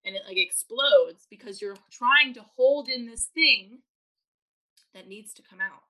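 Shouting in a fairly high voice, though without hurrying, a woman comes through on a rough recording. As a parenting coach in a podcast interview, she animatedly performs parents' inner voices while explaining her concepts.

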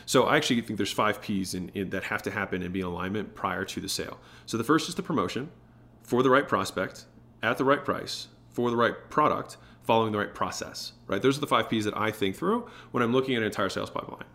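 A man's voice: lowish voice, fast, sharp tone. A man hosting a podcast, giving a solo talk on sales, often adding "right?" and changing his tone and pace to show emphasis. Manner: shifts tone and pace to demonstrate emphasis; frequent "right?" tag questions. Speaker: podcast host. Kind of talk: solo business talk to camera.

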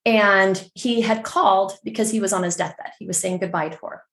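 A middle-aged woman from San Francisco, telling a story as a podcast guest in a chatty, animated way full of fillers. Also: medium pitch, normal speed, reverberant. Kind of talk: casual storytelling.

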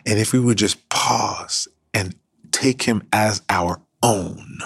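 A man with a very low, gravelly, husky voice preaches as a pastor. He speaks earnestly and sometimes drops to a hushed whisper to stress a point. The sound is dry and close. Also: takes it slowly, dry recording. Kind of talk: sermon.

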